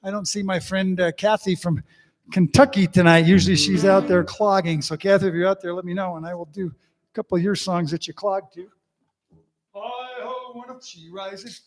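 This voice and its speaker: A man's voice: sits high, fairly even intonation, fairly quick. Chatty older man telling jokes. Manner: chatty, joke-telling with folksy asides. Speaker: musician and host of an online living room concert. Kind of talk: casual banter and jokes between songs. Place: his home living room. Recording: long reverb with banjo music behind.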